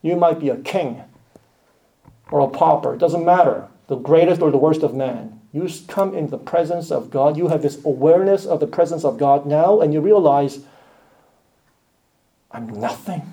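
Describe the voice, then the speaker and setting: A man preaching a sermon earnestly, rising to loud emphatic lines and dropping to quiet, hushed ones. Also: a little high, normal speed. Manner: earnest, swells loud then drops to near-hushed lines.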